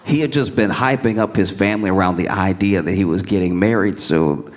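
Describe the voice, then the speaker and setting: A male stand-up comedian telling a story with animated delivery and wry asides. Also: low voice, brisk. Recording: noisy live recording.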